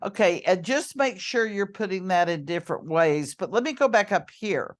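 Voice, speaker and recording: A woman's voice: mid-range voice, animated, moderate pace. A woman teacher walking students through an online note-card tool, chatty and full of ums and self-corrections. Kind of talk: screen-recorded lesson walkthrough.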